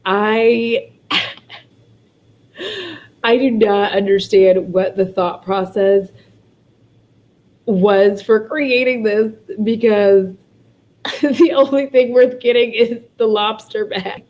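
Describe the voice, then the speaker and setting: A woman's voice: mid-range voice, steady tone, slow pace, long pauses, darkish tone. A woman hosting a casual livestream chat from home, who keeps breaking into helpless laughter. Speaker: livestream host.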